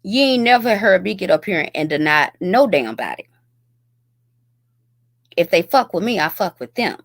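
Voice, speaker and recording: A woman's voice: fairly low pitch, sing-song, moderate pace, no echo. Blunt, profane woman ranting. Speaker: YouTube commentary host. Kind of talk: ranting commentary.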